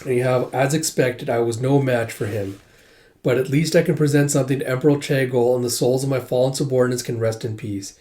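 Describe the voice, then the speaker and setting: Mellow-voiced man recapping a manga. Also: mid-range voice, fairly even intonation, brisk. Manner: retells scenes with 'it's like' between quoted lines; loose conversational asides to the story. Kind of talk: casual manga read-through.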